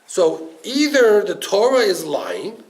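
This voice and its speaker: Man, rabbi telling a story, lively and expressive, slightly raised pitch, faint hiss behind. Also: slow pace, low-quality recording. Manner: animated, laughing storyteller. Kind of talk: storytelling sermon.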